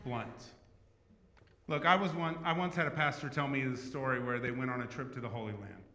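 A man preaching a sermon as pastor, talking in a conversational way that swings from emphatic to hushed. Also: mid-range voice, a little fast, slight background noise. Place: church sanctuary. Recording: echoey church hall.

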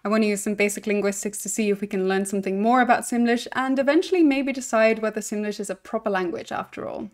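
A woman who is not American, a linguist, reading a scripted explainer in a clear, measured, lightly humorous way. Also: mid-range voice. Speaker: linguist presenting a video essay.

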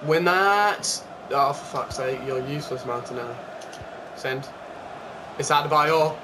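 A man's voice: on the high side, unhurried. A man giving casual, sweary, exasperated commentary while playing a football video game. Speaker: gaming YouTuber. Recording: steady background noise.

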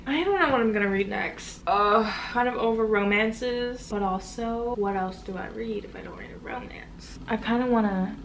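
A woman's voice: medium pitch, noisy background. Chatty young woman book vlogger. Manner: chatty, frank, exasperated. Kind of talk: casual reading vlog.

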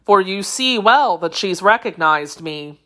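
A woman reading the part of a stern, vengeful male executioner in an audiobook, telling his account in a slow, solemn manner. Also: mid-range voice, animated, pushed and bright. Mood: grim.

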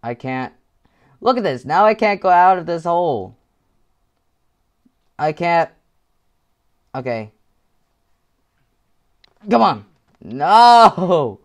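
A man talking through a game with headphones on, slow and drawn-out in his delivery. His pitch leaps around as he mutters to himself and then bursts into frustrated yelling. The voice sits a bit high and sounds clean and smooth. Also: sing-song. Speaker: gaming video creator. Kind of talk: gameplay commentary.

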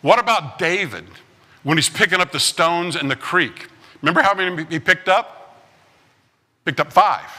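A pastor preaches a light, joking sermon and tells stories packed with puns. He is a man with a very bright, forceful voice that sits a little high. His words ring out with the long reverb of a large church sanctuary. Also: expressive, normal speed, long pauses. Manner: joking storyteller full of puns. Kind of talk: humorous sermon.

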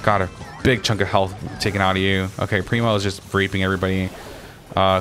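A man's voice: sits low, little pitch movement, fairly quick, a bit bright, soft background music. A young man giving live gameplay commentary, frustrated and swearing constantly as he rants at his teammates. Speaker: gaming channel host.

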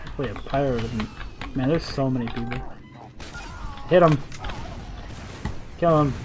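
A young man giving jittery, self-mocking commentary while playing a game, with excitable outbursts. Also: mid-range voice, normal speed, noisy background. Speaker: gaming video creator. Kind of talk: live gameplay commentary.

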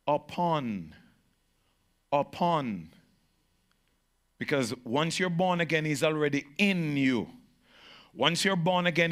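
A man preaching a sermon to a congregation as pastor, with emphatic repetition that swings from shouted peaks to slow, low phrases.

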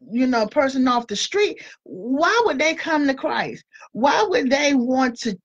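Woman, Christian talk, earnest and chatty, fairly high pitch, dull lo-fi sound. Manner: earnest, conversational, repeats words as she talks. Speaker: Christian speaker and school board candidate. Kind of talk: informal Christian encouragement talk.

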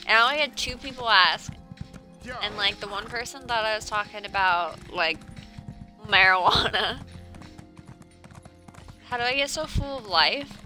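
A woman's voice: mid-range voice, normal speed, pauses often, sharp tone, faint music behind, low-quality recording. A woman streaming live, chatting playfully in a put-on mixed-accent voice and drawling her words. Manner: putting on a jokey mixed-accent mustache-man voice, drawling words. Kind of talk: playful casual stream chat.

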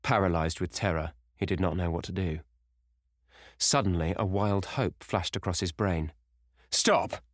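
A man with a very deep voice reads a classic novel aloud in grave, measured narration. The sound is dry and close, with almost no room in it. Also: steady tone, no room sound. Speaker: audiobook narrator.

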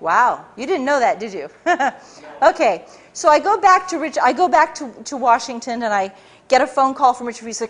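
Woman, high voice, animated speaker, public talk, stumbles and repeats herself. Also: normal speed. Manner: animated, frequent restarts and repetitions. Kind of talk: lecture-style storytelling to a live audience.

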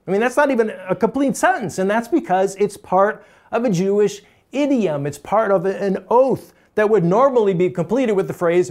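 A pastor gives a sermon in an easy, talking-to-you manner, pressing hard on key points. The voice sits at an ordinary middle pitch, and light chuckles slip into the flow. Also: darkish tone. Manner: conversational, emphatic, chuckles often.

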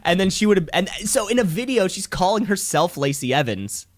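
A man co-hosting a casual podcast, riffing and joking with plenty of swearing. His voice sits a bit high and leaps around a lot as he talks. The sound is close and dry, with no room to it. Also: brisk, no echo. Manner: animated, joking, swears, slips into mock voices. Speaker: podcast co-host. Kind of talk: casual wrestling podcast chat.

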